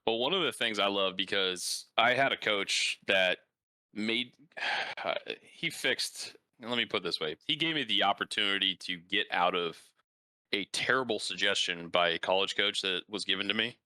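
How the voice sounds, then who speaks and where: Host voice: low-pitched man, intense and forceful tone, dry close sound, chatty coach with stories. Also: normal speed, clear, resonant tone, dry recording. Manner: animated storyteller, frequent "like" fillers. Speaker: podcast host and baseball coach. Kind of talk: casual conversational interview.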